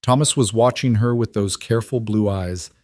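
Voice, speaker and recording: Male storybook narrator, low, steady, measured, dry sound. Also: dry recording.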